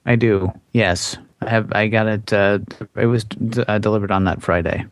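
A man's voice: on the low side, steady tone, moderate pace, dry recording, clean studio sound. A man joining a podcast roundtable as a guest, chatting and joking loosely. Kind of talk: casual roundtable chat.

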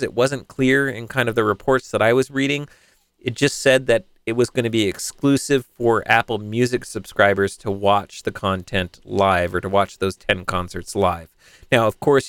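Smooth-voiced man hosting a tech podcast. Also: lowish voice, a bit bright, dry recording. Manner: conversational, chatty with fillers and self-corrections. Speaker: podcast host. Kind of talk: solo tech news podcast.

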